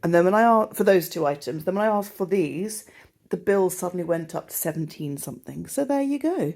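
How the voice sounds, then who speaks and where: A woman's voice: lowish voice, lively intonation, fairly quick, gravelly, darkish tone. Chatty southern English woman in her forties. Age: 40s. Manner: chatty, rambling, self-deprecating. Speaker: vlogger. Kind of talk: casual vlog chat. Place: walking outdoors by a river.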